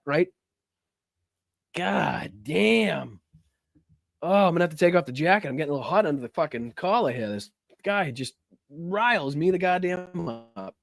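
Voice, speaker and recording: A man's voice: high voice, gravelly, no room sound. A man hosting a political livestream, reacting to clips with heated, profane, mocking commentary. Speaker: political talk show host.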